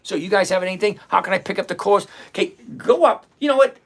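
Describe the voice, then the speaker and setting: A man's voice: high-pitched, fast talker, fairly bright tone. A man hosting a stock-trading livestream, talking bluntly and with exasperation, rattling off countdowns and numbers. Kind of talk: casual livestream talk.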